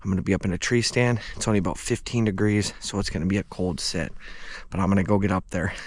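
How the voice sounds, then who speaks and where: A man's voice: low-pitched, steady tone, fast talker. A man from Michigan's Upper Peninsula narrating his own hunting vlog outdoors in a winter forest, earnest and upbeat, talking straight to the camera. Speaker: hunter and outdoor vlogger.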